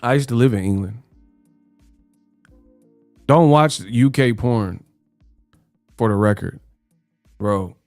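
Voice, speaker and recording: A man's voice: mid-range voice, slow pace, long pauses, darkish tone, no room sound. Man on a casual boxing livestream, slangy and joking, dry close mic, faint music underneath. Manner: joking, slangy, puts on mock British voices. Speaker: host.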